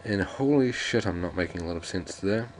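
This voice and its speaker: A man's voice: low-pitched, expressive, a little fast, slight background noise. A man doing casual, rambling gameplay commentary and reading the game's lines aloud. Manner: rambling, jokey, restarts often. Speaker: let's play commentator.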